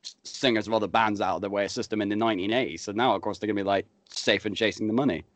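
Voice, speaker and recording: A man's voice: on the low side, racing, no echo. Dry-miked man, blunt and sweary. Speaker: podcast host presenting the news. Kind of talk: casual chat.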